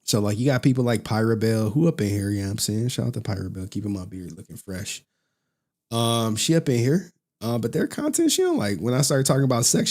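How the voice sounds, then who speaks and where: A man's voice: mid-range voice, animated, a little fast, darkish tone. Laid-back, profane streamer guy. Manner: loose, profane, laughs often, slangy. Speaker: streamer and channel host. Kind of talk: casual livestream chat.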